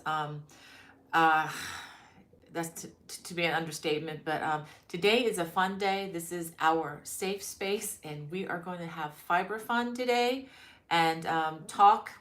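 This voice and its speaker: A woman's voice: lowish voice, fairly bright tone. A middle-aged woman hosting a crochet live stream, chatting casually and greeting viewers by name with many ums. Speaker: crochet channel host. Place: her mother-in-law's home.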